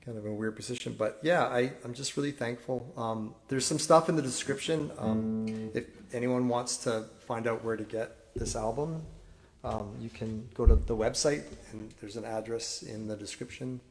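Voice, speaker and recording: A man's voice: mid-range voice, a little mellow, soft background music. Reflective man telling a confessional story. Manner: reflective and confessional, halting with restarts. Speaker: singer-songwriter streaming a live concert. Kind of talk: candid storytelling between songs. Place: at home. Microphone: phone, wearing headphones.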